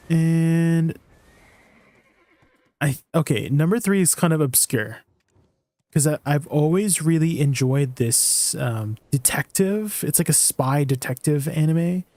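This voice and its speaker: A man's voice: on the high side, warm tone. A man chatting casually to viewers while streaming a game, rambling with lots of fillers and restarts. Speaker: gaming streamer. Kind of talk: casual gameplay stream chat.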